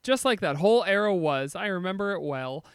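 A man hosting a comedy podcast, playful and quick with improvised bits in casual banter. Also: high-pitched, animated, clean tone, no echo, clean studio sound. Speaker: podcast host.

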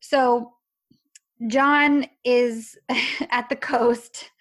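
Higher-pitched woman, laughs a lot, lively casual recap. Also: very slow. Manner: giggly, lively retelling with frequent laughter. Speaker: podcast co-host recapping a TV drama. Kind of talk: casual chat.

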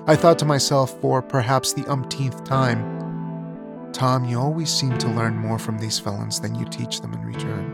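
An older man, a teacher, reading his own personal story aloud in an earnest, reflective way. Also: mid-range voice. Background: background music.

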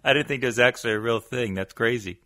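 A man's voice: mid-range voice, fast talker, bright, forceful tone. A man interviewing a guest, reacting briefly and with amusement in a casual chat.

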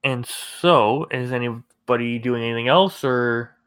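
A man running a tabletop game as game master, narrating scenes in a relaxed, filler-heavy way. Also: mid-range voice, measured pace, smooth. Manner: relaxed storytelling with many fillers.

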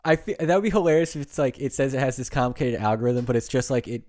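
A man co-hosting a casual podcast answers with dry, sarcastic quips. His voice sits at an everyday middle pitch. He pokes holes in his partner's stories and shoots down ideas with blunt one-liners. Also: fast, a little mellow. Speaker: podcast co-host.

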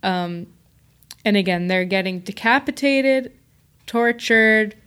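A woman co-hosting a podcast, chatting casually and explaining quickly with laughs. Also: medium pitch, fairly bright tone, clean tone. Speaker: podcast co-host.

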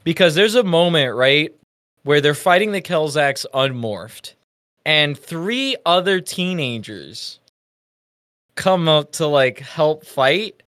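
A young man co-hosting a casual review chat, lively and acting out quotes in a raised voice. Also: a little high, slow, dry recording, clean studio sound. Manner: animated, acts out quotes in raised voice. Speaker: podcast co-host.

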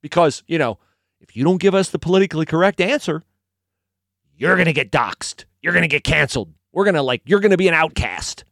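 A man putting on shrill, scornful religious leaders. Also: lively intonation, fairly quick, a bit bright, no room sound, clean studio sound. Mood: threatening. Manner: shrill mocking exaggeration.

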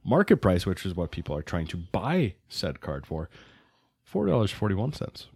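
A man's voice: deep voice, wildly swooping pitch, moderate pace, gravelly, darkish tone, breathy edge, no room sound. A young man co-hosting a podcast, running a quiz game with joking, theatrical game-show delivery on a close mic. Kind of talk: casual podcast banter.

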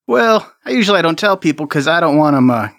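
Brief: man voicing hesitant, boastful male inmate, animated delivery, dry sound. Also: a little high, no room sound. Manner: halting, full of uhs, sheepish bragging. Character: boastful male convict, horse-fighting enthusiast.

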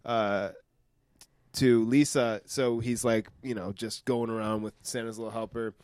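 A man co-hosting a casual chat, retelling scenes haltingly with many fillers. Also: fairly low pitch, fairly even intonation, a little mellow, clear, resonant tone, no room sound, clean studio sound. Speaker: podcast co-host.

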